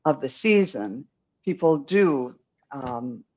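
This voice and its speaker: A man's voice: medium pitch, expressive, slow. Older man, psychic, dull lo-fi audio. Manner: rambling, gentle, giggly. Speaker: psychic medium. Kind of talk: live-stream psychic reading.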